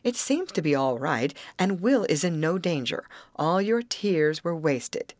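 Casting: a woman doing a measured, dryly musing storybook father, low and expressive. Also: no room sound. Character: stern but fond middle-aged father.

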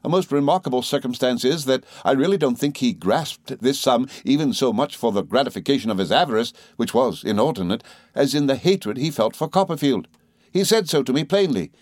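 A man reading aloud as an earnest young lawyer, speaking briskly and brightly. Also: medium pitch, animated, no echo, studio quality, close to an everyday voice.

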